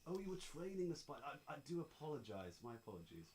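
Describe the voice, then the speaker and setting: A man playing an overly polite gentleman adventurer who keeps apologizing, with halting, courteous speech. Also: a little high, very animated, voice pushed up, rough recording. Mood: apologetic.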